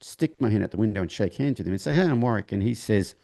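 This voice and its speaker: A man tells a long personal story during an interview, halting and restarting as he acts out what people said. His voice is low and dark, with a gravelly texture. The delivery is conversational. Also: lively intonation. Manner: halting, with many restarts, acting out quoted dialogue. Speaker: horse trainer, interview guest.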